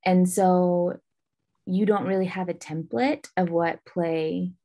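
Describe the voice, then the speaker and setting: A woman's voice: lowish voice, fairly even intonation, slow, mellow. A pregnant woman co-hosting a parenting podcast in a chatty manner, a bit winded, with many fillers. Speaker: podcast co-host. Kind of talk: casual chat on parenting.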